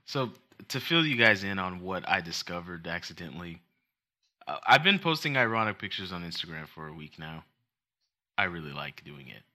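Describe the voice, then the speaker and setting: A young man co-hosting a casual podcast, telling stories with animation and ranting with passion. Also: lowish voice. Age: young adult. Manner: animated storytelling, mocking put-on voices; rants with passion. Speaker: co-host.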